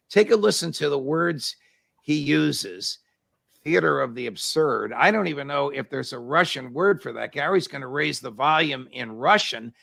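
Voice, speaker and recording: A man hosting an interview, asking brisk, pointed questions. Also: medium pitch, vocal fry, sharp tone, dry recording. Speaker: interview host.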